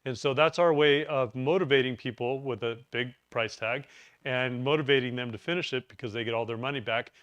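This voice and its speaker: A man's voice: mid-range voice, a little fast, fairly bright tone, no echo. A man giving a live class presentation on preparedness, chatty and joking, with rambling asides. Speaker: preparedness course instructor. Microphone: lapel mic.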